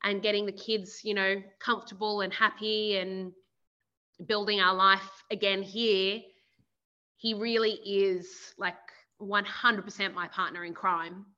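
A woman's voice: mid-range voice, level tone, unhurried, bright, forceful tone. A woman in her thirties, a guest on a podcast, talking candidly and reflectively with fillers and restarts. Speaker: podcast guest, sales director. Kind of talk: candid podcast interview chat. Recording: dull, muffled audio.

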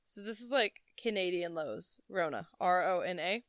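A woman's voice: fairly low pitch, animated, moderate pace, dry recording, clean studio sound. A woman co-hosting a casual podcast, reading a news article aloud and breaking off with jokes and giggles.

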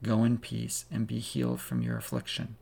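A man voicing a gentle, calm male healer who speaks softly in a sermon retelling. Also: lowish voice, moderate pace, vocal fry, heavily acted. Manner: soft and quiet.

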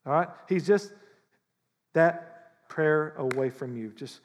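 A man preaching a sermon as pastor, animated and conversational, often acting out how people pray. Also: on the high side, takes it slowly, long reverb tail. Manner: animated, acts out prayers in mock voices.

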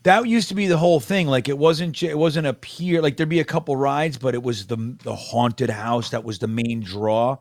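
A man's voice: mid-range voice, normal speed, few pauses, no echo. A middle-aged man co-hosting a casual sports chat stream, rambling through stories in a laid-back way. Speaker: podcast co-host.

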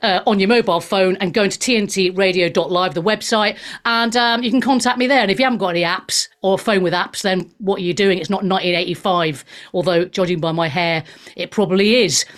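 A woman's voice: medium pitch, fast talker. A woman hosting a radio talk show, chatty and cheeky, laughing often and tossing off jokes. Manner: bubbly, jokey, cheeky asides, laughs often.

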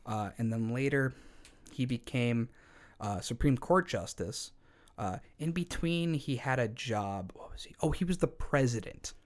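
Male podcast co-host, mid-pitched, casual comedic storyteller with wry asides. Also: unhurried.

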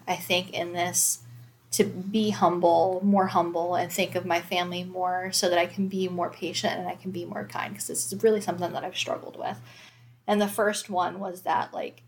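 A woman's voice: fairly low pitch, slight background noise. A woman in her thirties, a mother of four, talking candidly and reflectively in a casual faith conversation, with many fillers.

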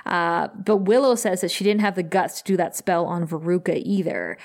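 A woman co-hosting a podcast, casually chatting through a TV episode recap in a lively, talkative way. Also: fairly low pitch, normal speed. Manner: chatty, lively retelling with frequent "like" and laughter. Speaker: podcast co-host.

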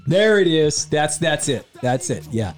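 A man co-hosting a casual podcast, talking in an upbeat, excitable way and laughing often. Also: a little high, unhurried, faint music behind. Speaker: podcast co-host.

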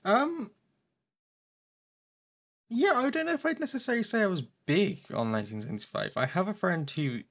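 A woman's voice: mid-range voice, expressive, moderate pace, pauses often. A woman co-hosting a podcast in casual chat, rambling and self-mocking, prone to going off on tangents. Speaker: podcast co-host.

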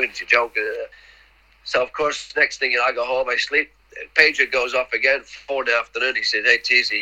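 A man's voice: medium pitch, brisk, pushed and bright, rough recording. A middle-aged man, a podcast guest rambling through anecdotes, repeating words and acting out the dialogue. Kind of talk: casual anecdotal storytelling.

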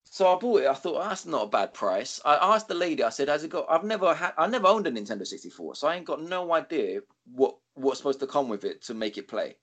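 A man, co-hosting a podcast, telling a rambling, sweary story with animated quoting. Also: on the high side, fast talker, hardly any pauses. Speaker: podcast co-host. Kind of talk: casual storytelling chat.

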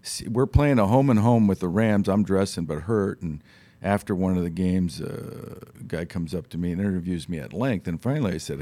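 Man in his fifties, from Ohio, low voice, husky, studio guest, lively storyteller acting out quotes. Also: brisk. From Ohio, USA. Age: 50s. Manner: animated storyteller who acts out quoted voices. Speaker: studio guest, former football player. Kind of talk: casual talk show storytelling. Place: radio studio.

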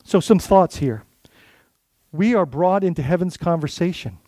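A man's voice: a little high, lively intonation, normal speed, warm tone, no room sound. A male lead pastor preaching a sermon in a conversational way, full of rhetorical questions and restarts.

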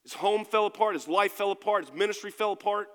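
A man preaches a sermon, asking his congregation question after question with emphatic force. His voice sits high for a man. It rings out with the long reverb of a church hall. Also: fast, fairly bright tone, smooth. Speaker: pastor. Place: church sanctuary.

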